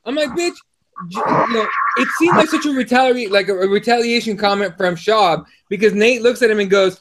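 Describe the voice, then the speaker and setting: A man co-hosting a casual livestream podcast, reading chat comments aloud in a profane, animated way. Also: high-pitched, brisk, slight background noise.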